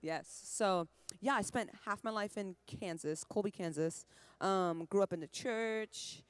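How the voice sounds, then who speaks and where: Speaking at a medium pitch with a clean tone and no room sound, a woman in her twenties from Trinidad talks as a musician guest in a relaxed interview. She's chatty, laughs a lot and throws in quick asides, with a faint Caribbean lilt beneath an American accent.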